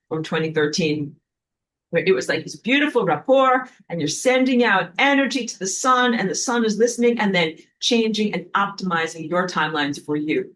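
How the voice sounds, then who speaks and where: A woman's voice: fairly low pitch, a bit bright. A woman giving a casual, dramatic spiritual lesson, stopping now and then to find her place. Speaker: spiritual teacher.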